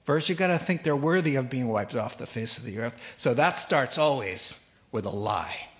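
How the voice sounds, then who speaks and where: A man preaching a sermon, animated and storytelling, who acts out the voices in his anecdotes. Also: medium pitch, normal speed. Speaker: pastor.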